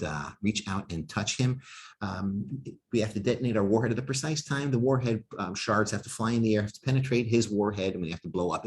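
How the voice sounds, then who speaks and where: Low-voiced man giving a wry, joking lecture. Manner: wry, joking, self-deprecating asides; energetic storyteller with quick bursts and drawn-out emphasis. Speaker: rocket scientist giving a public talk. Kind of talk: humorous lecture.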